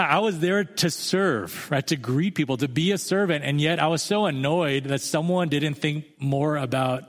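A man's voice: on the high side, fairly bright tone. A man in his thirties preaching a sermon as a pastor, talking in a conversational, self-deprecating storytelling way. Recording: long hall reverb.

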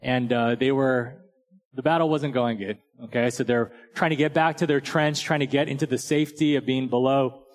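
A man's voice: mid-range voice, steady tone, normal speed. A man preaching a sermon in a casual, conversational way, checking in with "right?" and telling stories and jokes. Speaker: pastor. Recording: long hall reverb.

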